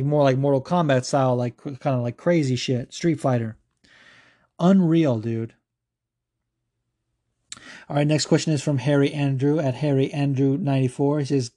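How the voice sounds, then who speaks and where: A man with a mellow, warm-toned voice hosts a podcast and answers fan questions. His talk is loose and casual, full of fillers and swearing. He comes across as enthusiastic and unscripted. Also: medium pitch. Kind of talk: casual chat.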